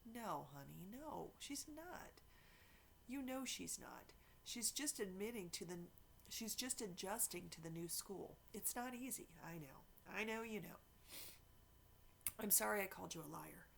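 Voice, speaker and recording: A tired, loving mother soothes her child in a near whisper, as a woman reads her aloud. Her gravelly voice stays quiet and drowsy, with faint noise behind. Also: medium pitch, animated, unhurried. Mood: soothing, tired.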